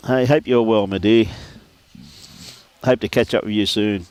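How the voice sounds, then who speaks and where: A man's voice: on the low side, fairly even intonation, a little slow, long pauses, darkish tone. A man with an Australian accent giving live lawn bowls commentary outdoors, chatty and laughing often as he greets viewers by name. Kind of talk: live sports commentary and casual chat.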